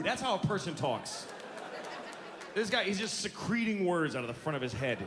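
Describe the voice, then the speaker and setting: A male stand-up comedian delivers a profane, sarcastic rant into a handheld mic. His voice sits a bit high for a man and swings widely in pitch as he builds to outbursts. The live stage recording carries a clear layer of noise. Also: big pitch swings, a little fast.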